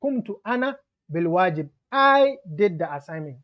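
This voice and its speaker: A male teacher with a high voice works through a grammar lesson step by step. He repeats each term and example so that it sinks in. The recording sounds dull and lo-fi. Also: very animated, normal speed. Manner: methodical, repeats terms and examples, mixes Arabic terms into English.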